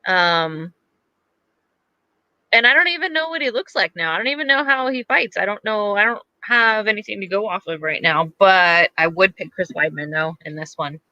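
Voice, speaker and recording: A woman's voice: medium pitch, normal speed, pushed and bright, no room sound, highs cut off. A woman co-hosting a podcast, chatting casually about fights, hedging a lot and using plenty of fillers. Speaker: podcast co-host. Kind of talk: casual sports chat.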